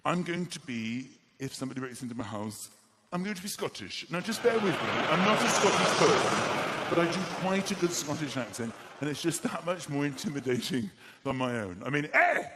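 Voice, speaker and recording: A man doing live stand-up comedy, animated and self-mocking. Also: fairly high pitch, brisk. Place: comedy stage before an audience. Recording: loud live-venue background noise.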